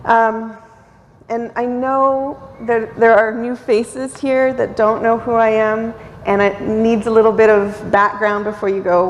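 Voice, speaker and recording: A woman missionary in her forties addressing a church and praying, tearful and emotional, often pausing with fillers. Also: on the high side, fairly even intonation, in a large hall, slight background noise, poor audio. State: crying. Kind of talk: church talk and prayer. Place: church sanctuary.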